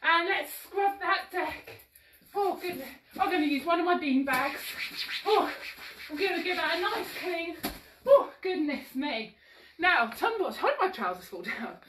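On a live-streamed toddler action-song class, a woman with a very high voice and big pitch swings talks a little slowly over a noisy background. Moving as she speaks and slightly breathless, she stays upbeat, sing-song and encouraging with the little ones. Her voice sounds distant, in a room with plenty of echo.

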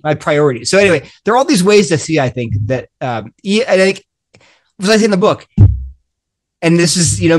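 A middle-aged man with a fairly high voice talks earnestly in a group discussion. He acts out small dialogues as he goes. He often restarts his sentences midway. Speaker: guest author. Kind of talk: animated discussion.

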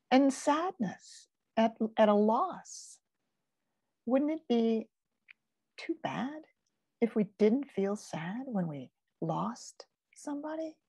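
Slow gravelly older woman, gentle teacher. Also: fairly high pitch, no echo. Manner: slow and soothing, with soft whispered asides. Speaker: focusing teacher. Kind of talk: gentle guided teaching talk.

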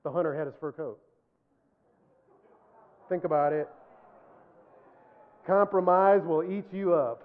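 High-voiced pastor preaching, tinny sound. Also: male voice, slow, pauses often. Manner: earnest, repetitive emphasis, self-deprecating humor. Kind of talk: sermon.

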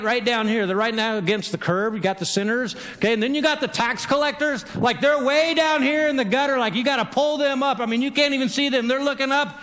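A male pastor preaching a sermon in a lively, conversational way, acting out the people in his story. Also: extremely high pitch, in a large hall. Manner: animated, conversational preaching with acted-out quotes. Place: church sanctuary.

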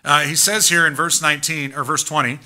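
Male pastor preaching hard in church, really punchy bright voice, lotta rhetorical questions. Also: fairly high pitch, steady tone, a little fast. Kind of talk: sermon. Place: church sanctuary.

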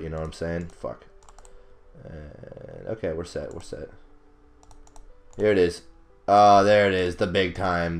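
A young man giving casual, rambling commentary over his own gameplay, swearing often, laughing at himself and bursting out in frustration. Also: sits low. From not British. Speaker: gaming commentator.

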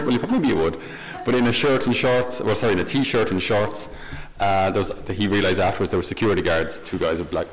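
A man, a Catholic priest, giving a conversational homily with light humor and questions to the listener. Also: fairly low pitch. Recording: long hall reverb.

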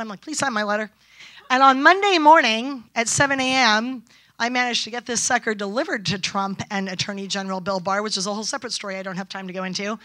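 A woman's voice: high-pitched, pushed and bright, dry recording. A middle-aged woman speaking at a conference, brash and storytelling, acting out quoted dialogue. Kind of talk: conference talk. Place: event stage.

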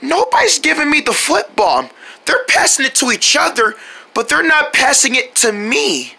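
Woman plays whiny young girl, high and very animated. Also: moderate pace, vocal fry, full character voice. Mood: sulky. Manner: whiny, complaining. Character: young girl, new to the team, sulky when left out.

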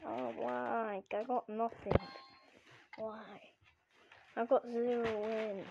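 A woman's voice: on the high side, little pitch movement, slow, vocal fry, pauses often, noisy background. A woman giving gameplay commentary, frustrated and complaining, often asking why things go wrong. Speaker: gamer. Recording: muffled lo-fi recording.

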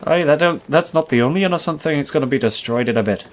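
A man's voice: on the high side, animated, quick pace, slight background noise, lightly acted. A man doing a foul-mouthed, brash gamer persona. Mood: taunting. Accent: put-on accent he says is not his own. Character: crude, taunting adult male gamer persona. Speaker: host. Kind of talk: gameplay commentary.

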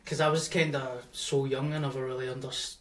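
A man's voice: mid-range voice, level tone, fairly quick, recorded from a distance, crowd noise. A man hosting a podcast, asking laid-back, jokey questions. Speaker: podcast host. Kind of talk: casual chat.

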